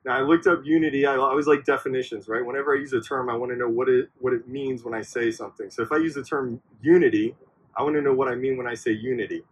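A man's voice: medium pitch, fairly even intonation, quick pace, slightly rough, rough recording. A man giving a casual, conversational sermon to a youth group, often checking in with his listeners by asking "right?". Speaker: youth minister. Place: church backyard outdoors.

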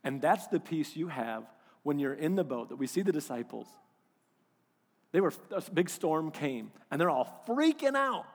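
A man preaching a sermon as pastor, animated, swinging between loud emphasis and hushed moments. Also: fairly high pitch, normal speed, husky, big-room sound.

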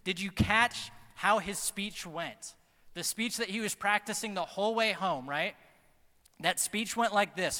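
A young adult man preaching a sermon in a church, casual and energetic, dropping to a hushed tone for the reflective parts. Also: sits high, unhurried. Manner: energetic, casual slang, swings from loud emphasis to soft hushed delivery. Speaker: pastor. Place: church auditorium. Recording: long hall reverb.

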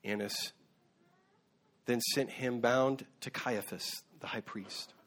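A man's voice: medium pitch, steady tone, slow pace, fairly bright tone. A man preaching a sermon as a pastor, earnest, with occasional fillers and restarts. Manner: earnest, with fillers and self-corrections.

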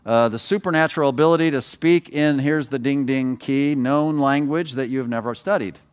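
A man's voice: mid-range voice, moderate pace, clean tone. Male pastor preaching in a chatty storytelling way. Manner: conversational storytelling with asides. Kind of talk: sermon.

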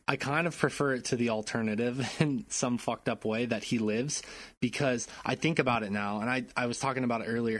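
A man's voice: medium pitch, dry recording. A man co-hosting a casual podcast, rambling a little and correcting himself as he talks about games. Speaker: podcast co-host. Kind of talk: casual chat.

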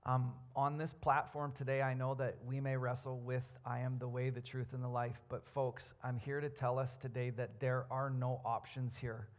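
A man's voice: medium pitch, flat delivery, normal speed, few pauses, highs cut off. A man preaching a sermon as a pastor, earnest and building his points with emphasis.

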